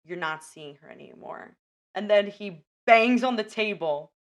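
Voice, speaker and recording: A young woman hosting a casual podcast, retelling movie scenes in animated detail and acting out the characters' lines. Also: medium pitch, unhurried. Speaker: podcast host.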